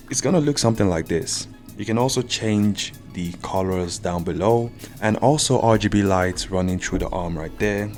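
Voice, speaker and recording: A man casually reviewing a budget microphone, chatty and self-deprecating, talking straight to his viewers from an indoor home setup. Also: low-pitched. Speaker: tech reviewer. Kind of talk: casual product review vlog. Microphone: USB condenser mic at close range.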